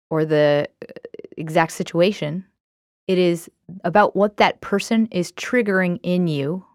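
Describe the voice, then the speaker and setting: A woman podcast host with a low-pitched, clean voice talks candidly and reflectively in a casual self-help conversation, using many fillers. There is no echo, and the sound is clean studio quality.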